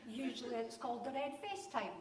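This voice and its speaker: A Scottish woman in her sixties spins a funny childhood tale for a live audience, brisk and conversational. Her fairly high voice echoes through a big hall. The mic sits some way off, so she sounds distant. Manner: lively, conversational, acts out voices. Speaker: storyteller. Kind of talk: live comic storytelling. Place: conference hall.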